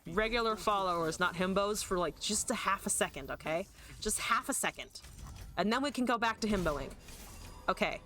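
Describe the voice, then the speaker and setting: A woman's voice: mid-range voice, expressive, normal speed, a bit bright. A woman streamer chatting casually and joking at her own expense while she plays a card game, swearing now and then. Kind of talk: casual gameplay commentary.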